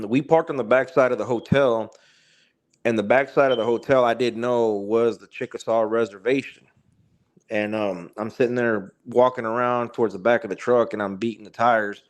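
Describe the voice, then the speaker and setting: A man, telling a spooky story as a podcast guest in a rambling way with many fillers and restarts. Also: medium pitch. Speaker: podcast guest, truck driver. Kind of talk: casual storytelling.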